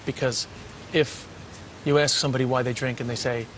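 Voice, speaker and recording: A man's voice: medium pitch, steady tone, fairly quick, noisy background. A man presenting a documentary, talking earnestly and reflectively in a casual way. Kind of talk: documentary narration to camera.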